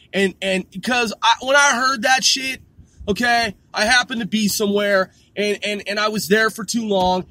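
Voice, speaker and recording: A man's voice: high-pitched, bright, forceful tone, no echo. A middle-aged man ranting in an exasperated, profane way, repeating himself and swearing constantly. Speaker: vlogger. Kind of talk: ranting monologue.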